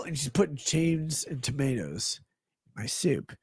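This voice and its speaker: A man's voice: fairly high pitch, normal speed, gravelly, a little mellow, slightly rough, no echo. A man hosting a livestream, reading chat messages aloud and rambling in a profane, jokey way. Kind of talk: casual rambling stream chat.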